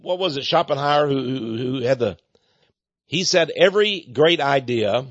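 A man's voice: mid-range voice, animated, normal speed, dry recording. A man preaching a mocking, sarcastic monologue from his ministry. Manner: sarcastic, mocking, laughs scornfully. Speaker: ministry speaker. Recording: dull lo-fi recording.

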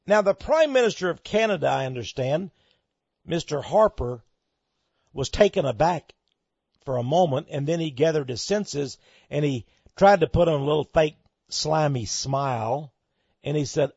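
Texan male radio host, high and animated, emphatic and sarcastic, dull lo-fi broadcast sound. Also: moderate pace, vocal fry, breathy edge, dry recording. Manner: emphatic, sarcastic, dramatic delivery. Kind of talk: radio talk monologue.

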